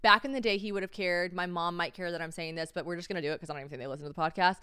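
A young woman hosting a podcast, telling a funny story in a loose, chatty way and swearing without a second thought. Her voice is smooth and clear. It is recorded close on a mic in a dry, deadened space. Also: fairly low pitch, fairly even intonation, very fast, bright, forceful tone, dry recording. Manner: chatty, swears freely, bursts into shrieking laughter. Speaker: podcast host. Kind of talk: casual comedic storytelling.

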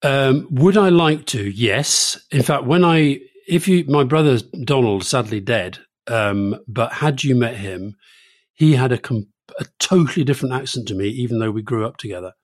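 A middle-aged man co-hosting a political podcast, brisk and direct, with some dry teasing. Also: mid-range voice, lively intonation. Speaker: podcast co-host.

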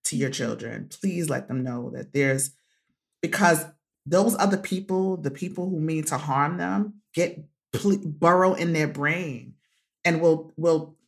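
A woman guest author sharing a personal story in an interview, animated and repeating phrases for emphasis, laughing often. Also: sits low, measured pace, vocal fry. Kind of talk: emotional conversational interview.

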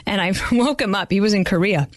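A woman's voice: mid-range voice, brisk, dry recording. Chatty middle-aged woman host, dry sound. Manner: chatty, anecdotal storyteller. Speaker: podcast host. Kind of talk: casual podcast interview.

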